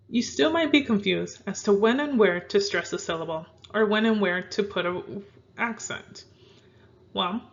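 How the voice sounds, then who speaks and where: A woman teaching a video lesson, calm and clear, slowing down to spell out example words. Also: mid-range voice. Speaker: Spanish teacher. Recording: dull lo-fi sound.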